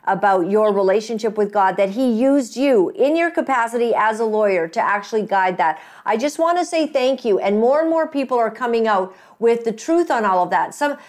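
A woman's voice: a little high, expressive, normal speed, few pauses, darkish tone. A woman hosting an interview, speaking gratefully and effusively, with many fillers and restarts. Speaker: host, interviewer. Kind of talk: casual interview talk.

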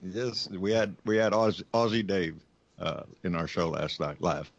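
Male co-host, low voice, blunt and sardonic; muffled lo-fi recording. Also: a little slow, breathy edge. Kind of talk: casual political talk. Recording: dull lo-fi audio.

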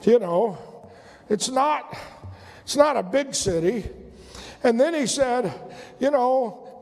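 Very high, gravelly-voiced male preacher. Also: takes it slowly, pauses often, long reverb tail. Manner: animated, bursts into loud emphatic shouts; acts out whiny prayers in a mocking voice. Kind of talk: sermon.

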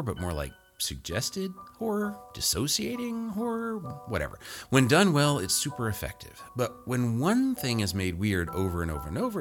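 A male podcast host introducing short stories, chatty and informal. His voice is deep but swings around a lot. Music plays clearly behind him. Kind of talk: casual story introduction.

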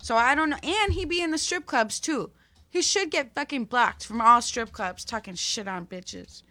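A woman's voice: a little high, lively intonation, normal speed, sharp tone. A young woman in casual podcast chat, blunt and profane, venting heatedly.

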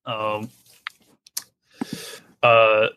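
Halting man running a tabletop game. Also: lowish voice, monotone, narrow, tinny audio, a little hiss or hum. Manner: loose and halting, many fillers. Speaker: game master.

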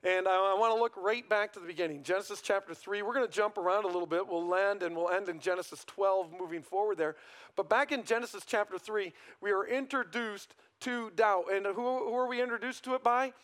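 A man with a rather high voice delivers a morning sermon in a conversational, questioning way. He leans on tag questions and lets his voice swell and then fall to a hush to drive home a point. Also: fairly quick. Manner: conversational preaching, frequent "right?" tag questions. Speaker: pastor.

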